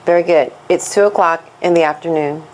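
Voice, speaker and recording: A woman teaching a scripted Spanish lesson, speaking slowly and deliberately as she switches between English and Spanish. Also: on the low side, darkish tone, a little hiss or hum, rough recording.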